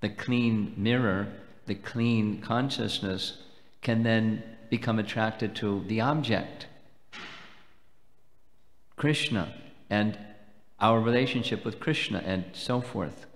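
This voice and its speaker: Low-voiced guy giving a slow careful spiritual talk, lots of hall echo. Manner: measured, explanatory, slow and deliberate. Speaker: swami lecturing at a festival. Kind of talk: devotional lecture with questions. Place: temple hall. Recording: long hall reverb.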